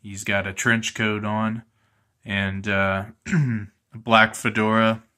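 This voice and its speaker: A man improvising a comic story, slow and halting, with many fillers and throat clearing. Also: lowish voice, little pitch movement, bright, forceful tone.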